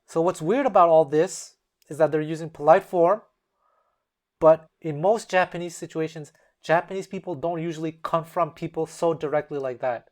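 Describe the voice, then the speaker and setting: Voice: mid-range voice, moderate pace, darkish tone. A language-lesson host explaining step by step in a casual way and acting out example phrases in shifting tones.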